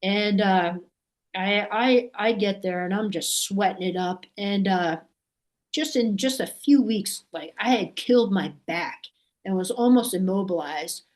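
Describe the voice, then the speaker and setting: A woman's voice: mid-range voice, a little slow, darkish tone. A woman from Massachusetts, a podcast guest, telling a story in a loose, rambling way, full of fillers and restarts, and acting out what others said. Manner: acts out quoted voices animatedly. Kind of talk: casual storytelling.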